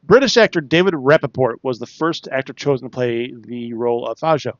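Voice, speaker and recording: A man's voice: mid-range voice, brisk, no room sound, dull audio. A man co-hosting a casual podcast, chatting offhandedly and reading out trivia. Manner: offhand, reads trivia aloud. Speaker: podcast co-host.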